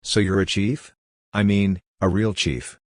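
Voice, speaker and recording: A man's voice: sits low, steady tone, unhurried, no echo, clean studio sound. A man reading the part of a fat, boisterous cowboy bartender with a blunt, folksy way of talking.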